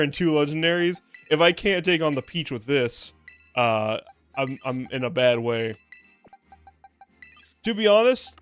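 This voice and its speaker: A hoarse young man chatting casually while streaming a video game, rambling, joking at himself and laughing often. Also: a little high, a bit bright. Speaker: VTuber streamer. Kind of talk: casual gameplay stream chat.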